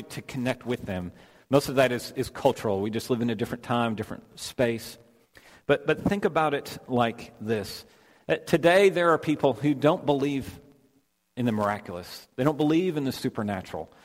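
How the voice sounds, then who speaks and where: A man preaching a sermon, retelling the scene earnestly and voicing the quoted lines. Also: mid-range voice. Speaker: pastor. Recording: long hall reverb.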